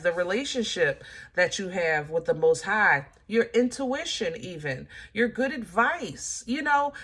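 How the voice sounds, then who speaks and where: A woman giving a casual tarot reading, talking straight to her viewers in a chatty, animated way. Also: on the high side. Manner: animated, chatty, laughs at herself, speaks to viewers as y'all. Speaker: tarot reader.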